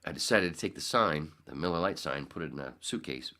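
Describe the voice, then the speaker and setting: A man's voice: rumbling low, lively intonation, fairly quick, bright, forceful tone. A man hosting a podcast, telling a story in casual chat, rambling with frequent restarts and self-corrections. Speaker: podcast host.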